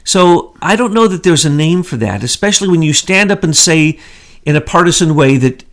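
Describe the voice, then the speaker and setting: A man's voice: fairly high pitch, lively intonation, moderate pace, a bit bright. Indignant man firing rhetorical questions. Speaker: co-host. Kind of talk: political commentary chat.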